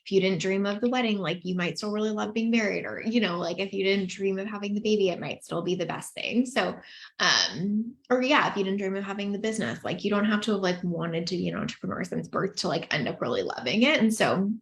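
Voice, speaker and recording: A woman hosts a podcast in a chatty, candid way. Her talk is full of "like" fillers and quick laughs. She sounds open and reflective. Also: medium pitch, animated, gravelly. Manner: chatty, filler-heavy with frequent "like", laughs easily. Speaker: podcast host. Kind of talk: candid casual podcast chat, reading listener comments.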